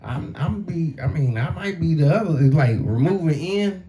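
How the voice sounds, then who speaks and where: A man's voice: a little high, lively intonation, moderate pace, mellow. A middle-aged male comedian telling a story in a casual, profane, conversational way. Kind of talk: stand-up storytelling.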